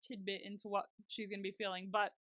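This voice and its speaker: Quick and fairly bright, a young woman's medium-pitched voice stays flat as she co-hosts a podcast, chattily gushing through a TV episode recap with lots of "like." It's studio quality with no echo.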